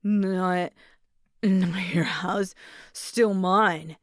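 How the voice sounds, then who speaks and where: A woman voicing a drunk, belligerent man who slurs his words slowly and loudly in an audiobook. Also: fairly low pitch, steady tone, dry recording, studio quality. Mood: drunken, belligerent. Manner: slurred, slow, shouting. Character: drunk angry man, slurring, belligerent ex-husband.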